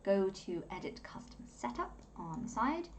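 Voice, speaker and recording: A young woman talks through an editing tutorial from home in a loose, rambling way. She is chatty and breaks into laughter often, with a voice of middling pitch. A faint noise sits behind her. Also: very animated, unhurried. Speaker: content creator teaching video editing. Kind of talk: casual screen-recording tutorial.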